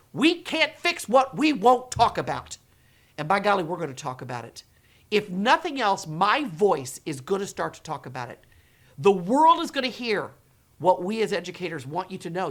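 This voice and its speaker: A woman's voice: fairly low pitch, fairly bright tone. A middle-aged woman, an educator with thirty years of experience, talking straight to her viewers and acting out the reactions she expects with gasps and whispers. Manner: dramatic, acts out quoted reactions with gasps and whispers. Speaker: educator running her own company and channel. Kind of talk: direct-to-camera talk.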